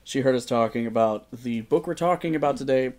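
A man's voice: mid-range voice, a little fast, crowd noise. Joking male podcast host. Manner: joking, laughs often, profane banter. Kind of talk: casual comedic podcast chat. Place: podcast studio.

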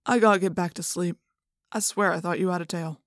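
Storybook role: woman voicing a cranky half-awake father, gruff and groggy. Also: fairly low pitch, steady tone, brisk, dry recording, clean studio sound, pitched below the performer's own voice, lightly acted. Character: sleepy, cranky middle-aged farmer dad.

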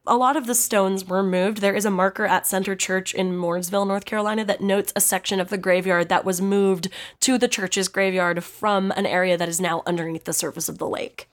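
A woman's voice: medium pitch, fairly even intonation, fairly quick, hardly any pauses. A tired woman co-hosting a casual podcast, rambling with many fillers and frequent giggles as she presents her research. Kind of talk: casual chat.

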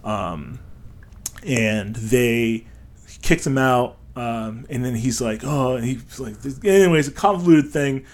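Rambling man with a lively voice. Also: medium pitch, slow pace. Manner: rambling, laughing, acts out quoted lines. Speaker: podcast co-host. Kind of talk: casual chat, retelling a story with put-on voices.

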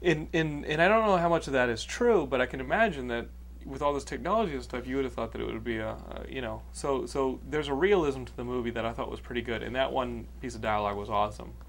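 A man's voice: mid-range voice, quick pace, a little hiss or hum. A man from Texas hosting a podcast, reviewing a movie in rambling, casual chat with lots of fillers and swearing. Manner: rambling, animated, swears freely. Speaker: podcast host.

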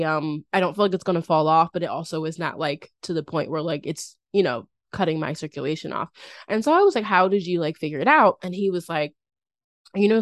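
A young woman with a fairly low voice hosts a podcast, recorded with clean studio sound and no room noise. Her casual chat rambles, packed with "like," filler words, and little giggles.

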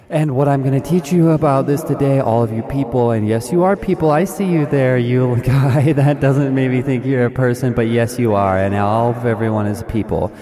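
A man's voice: fairly low pitch, close to an everyday voice. A man voicing a male self-help guru on stage, salesy and effusive, rambling without stopping.

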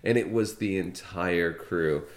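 Low-voiced shop owner guy, laid back and rambling, sympathetic, roomy sound. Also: measured pace. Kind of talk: casual conversation. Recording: echoey room.

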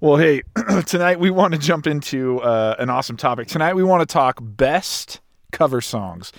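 A man's voice: a little high, expressive, moderate pace, creaky, dry recording, studio quality. Upbeat man hosting a podcast. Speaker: podcast host. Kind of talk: casual chat, introducing topics.

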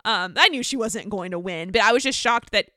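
Young woman rambling through a tv recap, smooth bright voice. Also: mid-range voice, brisk, no echo, studio quality. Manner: chatty, rambling recap with fillers. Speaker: podcast co-host. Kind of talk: casual chat.

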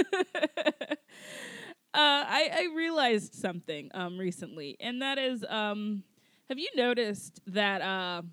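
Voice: mid-range voice, sing-song, takes it slowly, pauses often, bright, forceful tone, no room sound, studio quality. A podcast co-host in casual chat, rambling with many fillers and restarts.

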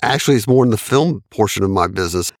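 Man, 60s, gravelly, dry close recording, anecdotal with frequent laughs. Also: fairly low pitch, animated, fast talker, no echo. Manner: anecdotal, laughs often while recounting. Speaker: studio engineer and producer. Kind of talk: storytelling in an interview.

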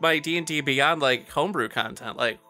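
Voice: medium pitch, moderate pace, pushed and bright, faint music behind. A speaker in casual chat about designing a tabletop game class, playful and laughing often. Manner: playful, laughing, riffs into silly voices.

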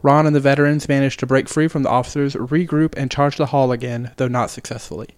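Young man, even reading of a film summary, dead dry room. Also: medium pitch, fast talker, smooth, no echo. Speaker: podcast co-host.

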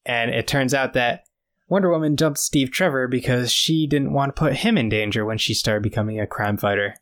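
A man's voice: medium pitch, a little fast, a bit bright. A man co-hosting a podcast, retelling a story in casual chat with lots of fillers and quoted lines. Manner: retells scenes with quoted dialogue, many fillers. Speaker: podcast co-host.

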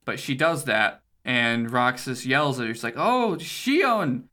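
A man with a bright, forceful voice chats casually as a podcast co-host, walking through a game's cutscenes. He rambles, swears freely and laughs along the way. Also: mid-range voice, steady tone, normal speed. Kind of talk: casual chat recapping a video game.

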